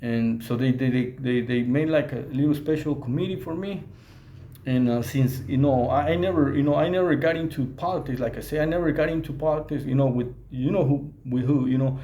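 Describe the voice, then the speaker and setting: A man who was in prison telling his own story in a halting way, with many restarts and Spanish slang. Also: medium pitch, dark tone, roomy sound. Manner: mixes in Spanish slang words. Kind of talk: casual storytelling to camera.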